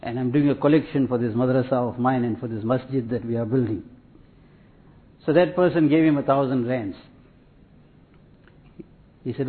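A man giving a sermon in a measured, repetitive preaching cadence, telling anecdotes. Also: medium pitch. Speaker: Islamic preacher. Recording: tinny phone-like audio.

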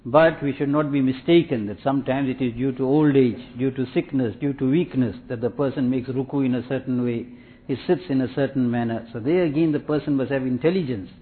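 Preacher on a tinny line. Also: male voice, medium pitch. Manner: measured, repetitive teaching cadence with Arabic and Urdu religious terms. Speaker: Islamic preacher. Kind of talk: sermon. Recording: tinny phone-like sound.

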